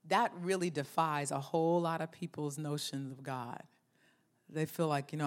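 Animated woman preaching a sermon. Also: deep voice, a little fast. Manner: animated, acts out inner voices, leads call-and-response. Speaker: pastor.

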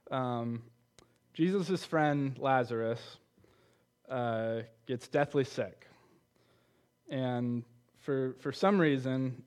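A man's voice: medium pitch, darkish tone. Conversational man preaching a sermon. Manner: conversational, repeats words, asks the audience questions. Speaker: preacher on a church teaching team.

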